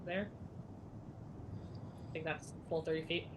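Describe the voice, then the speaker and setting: A woman's voice: sits low, fairly even intonation, unhurried, background noise. A woman playing in a tabletop game, chatty and thinking aloud about the rules. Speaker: player. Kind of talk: casual tabletop play. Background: music.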